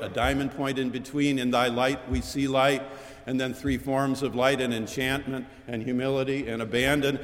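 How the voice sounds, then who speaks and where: An older man delivers a sermon from a chapel pulpit, mid-pitched and unhurried. He builds his points in rhetorical lists and repeated phrases. His voice rings out into the long reverb of a large chapel. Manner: measured, rhetorical cadence with lists and repetition. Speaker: preacher.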